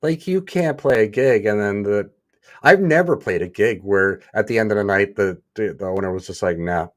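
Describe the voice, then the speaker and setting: Easygoing male podcast co-host, slightly low voice, reads stories out and reacts. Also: normal speed. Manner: relaxed, reacts with laughs and short comments. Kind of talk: casual chat, reading listener stories.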